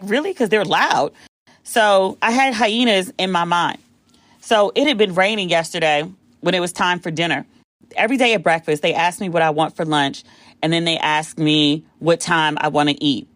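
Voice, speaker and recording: A woman from the United States hosting a podcast, telling a story casually and acting out the quotes with big jumps in pitch. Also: no room sound. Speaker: podcast host.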